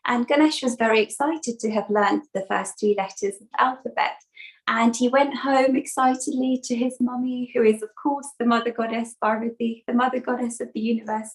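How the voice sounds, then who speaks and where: A woman presenter telling a children's story in an animated, laughing storytelling manner. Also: a little high, moderate pace, poor audio. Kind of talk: storytelling for a spiritual talk.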